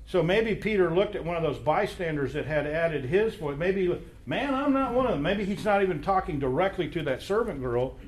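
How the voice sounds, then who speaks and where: A man's voice: a little high, lively intonation, normal speed, few pauses. A man leading an informal Bible study, quizzing the group with questions in a conversational way. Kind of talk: informal Bible class teaching. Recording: echoey room.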